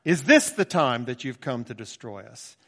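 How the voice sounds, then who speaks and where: A man in his sixties voicing a frightened, defiant male demon who cries out loudly, read aloud in a sermon. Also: mid-range voice, sing-song, moderate pace, breathy edge, exaggerated voice. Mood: alarmed, defiant. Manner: loud, crying out in alarm. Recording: long church reverb.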